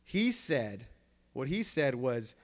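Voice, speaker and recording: A man's voice: medium pitch, very animated, slow. A man preaching a sermon in church, earnest and emphatic, often restarting and repeating phrases.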